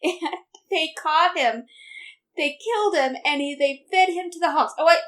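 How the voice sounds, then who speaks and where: A woman's voice: sits high, normal speed, fairly bright tone. A woman co-hosting a podcast, telling a local legend in playful, enthusiastic casual chat. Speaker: podcast co-host.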